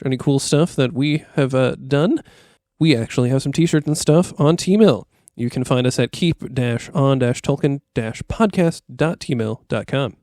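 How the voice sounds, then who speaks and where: Male co-host listing channels in a friendly, steady way; dry, close sound. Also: mid-range voice, no echo. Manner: friendly, reads out handles and links steadily. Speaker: podcast co-host. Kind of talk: casual podcast plugs.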